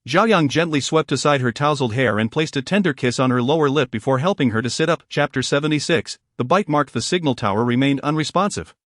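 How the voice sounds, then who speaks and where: Steady male audiobook narrator. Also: mid-range voice, a little fast, hardly any pauses, no room sound, studio quality. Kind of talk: audiobook narration of a romance novel.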